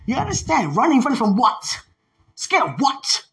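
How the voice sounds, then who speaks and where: Excited preacher on a podcast, voice jumps all over, keeps laughing and saying "who wants some". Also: mid-range voice, fairly quick. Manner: excitable, laughs often, repeats phrases; uses slang and street talk. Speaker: evangelist podcast host.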